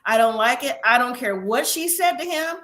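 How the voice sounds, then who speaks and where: Bright-voiced chatty woman host. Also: high-pitched, expressive, normal speed. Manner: chatty, opinionated, laughs often. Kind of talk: casual live review chat.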